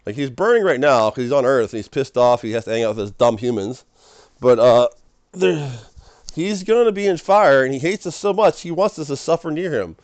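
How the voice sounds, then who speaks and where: A man giving a rambling, excitable casual sermon as a streamer, often breaking into laughter. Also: medium pitch, fairly quick, no room sound. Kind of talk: casual preaching monologue.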